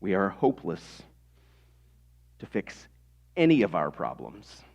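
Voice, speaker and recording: A man's voice: deep voice, huge pitch swings, a little slow, creaky, a little mellow. A man in his thirties preaching a sermon in a conversational way, with rhetorical questions to the congregation. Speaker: pastor.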